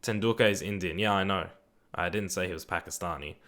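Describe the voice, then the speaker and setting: A young Australian man chatting through a live game stream in a loose, rambling way. His voice sits a little low, and he tosses in the odd swear as he answers viewers. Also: brisk, sharp tone. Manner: laid-back, rambling, swears casually; reads viewer chat aloud and answers it. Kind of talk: live gaming stream chat.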